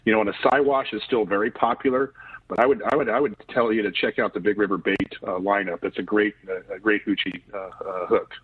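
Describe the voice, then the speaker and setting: Fast-talking man on a tinny phone line. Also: lowish voice, steady tone, recorded from a distance, a little hiss or hum. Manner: hesitant, many restarts and fillers. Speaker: fishing hook company guest on the phone. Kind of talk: casual radio chat.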